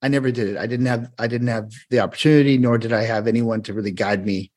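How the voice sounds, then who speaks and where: A man's voice: mid-range voice, fast. A man, a choreographer guest, telling a long rambling anecdote in casual chat. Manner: rambling, animated anecdote with restarts. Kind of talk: casual storytelling.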